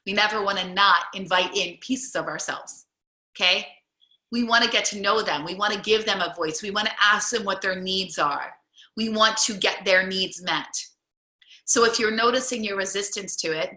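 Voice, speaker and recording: A woman's voice: medium pitch, moderate pace, bright, forceful tone. A woman coaching a group on a call, chatty and encouraging, with many fillers. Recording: roomy echo.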